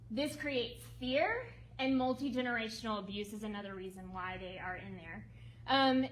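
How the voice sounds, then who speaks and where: A woman presenting a ministry project to an audience, lively and emotional, prompting listeners to respond. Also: a little high, low-quality recording. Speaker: ministry speaker presenting a women's home. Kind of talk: talk to a seated audience with slides. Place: meeting room with tables.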